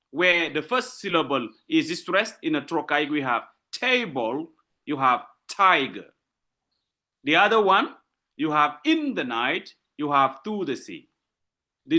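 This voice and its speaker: Guy teaching literature live, west african french accent, bouncy pitch, keeps asking what does it mean. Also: pushed and bright. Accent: French-speaking West African. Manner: explains patiently with repeated rhetorical questions; switches between French and English. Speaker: literature lecturer. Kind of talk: live online lecture.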